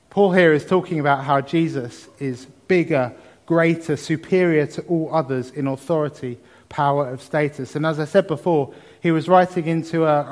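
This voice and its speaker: A man's voice: on the high side, a little mellow. A man preaching a sermon, reading scripture and talking about it with exuberant emphasis. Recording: long hall reverb.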